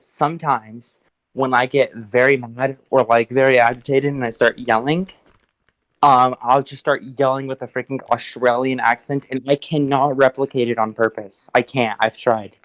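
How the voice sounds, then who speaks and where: A man's voice: mid-range voice, steady tone, normal speed, dry recording, low-quality recording. A man with a US West Coast accent in casual chat, sometimes hesitant and repeating himself as he starts.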